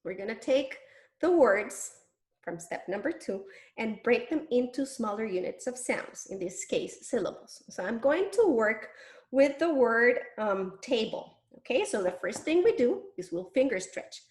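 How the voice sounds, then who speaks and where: A woman teaching early reading, sounding out syllables slowly and clearly with exaggerated mouth movements and patient encouragement. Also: fairly high pitch, big pitch swings, a little mellow, echoey room. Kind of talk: demonstration lesson.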